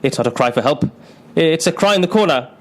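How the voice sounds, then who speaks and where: A man's voice: on the high side, expressive, fast, close to an everyday voice. A man playing an anxious, uptight British client in a comedy radio sketch, talking in a flustered, self-conscious way. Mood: fretful.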